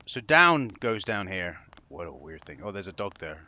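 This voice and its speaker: A man's voice: sits low, big pitch swings, moderate pace, bright, forceful tone. Sarcastic young man commenting on gameplay. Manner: sarcastic, exasperated, swears freely. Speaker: game commentator.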